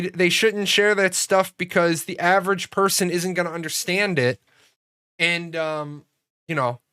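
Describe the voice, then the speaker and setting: A high-voiced man rambles through a casual monologue, cursing often and slipping into quick acted-out exchanges. The sound is close and dry, with no room around it. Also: bright, forceful tone, clear, resonant tone, no room sound. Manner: profane, rambling, acts out dialogue in storytelling. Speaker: gaming channel host.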